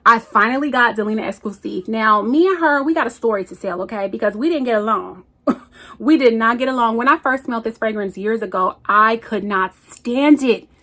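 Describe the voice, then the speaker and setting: A woman reviews perfumes in a casual chat. Her voice sits a touch high, and she is sassy and playful, teasing her viewers with "y'all" and "girl". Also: fairly quick, a bit bright. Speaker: perfume vlogger.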